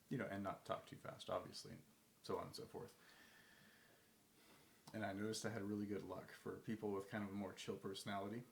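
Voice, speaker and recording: A man's voice: fairly low pitch, level tone, brisk, vocal fry, pauses often, roomy sound, slight background noise. A man giving casual advice, rambling with many fillers and restarts, sometimes acting out phone calls. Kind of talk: casual talk to camera.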